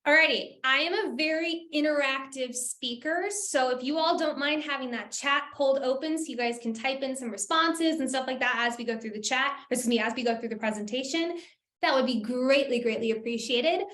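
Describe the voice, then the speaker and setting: High, upbeat woman coaching a webinar. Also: a little fast, a bit bright, roomy sound. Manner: upbeat, engaging, calls out to the chat. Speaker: workshop speaker and coach. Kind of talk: interactive webinar presentation. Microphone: video call.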